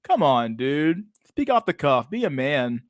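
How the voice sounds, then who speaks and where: A man's voice: on the high side, very animated, a little slow, dry recording. Crude, mocking young man ranting dry. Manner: crude, mocking, rambling with many restarts and "bro". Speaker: streamer reacting to a video. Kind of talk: casual profane reaction commentary.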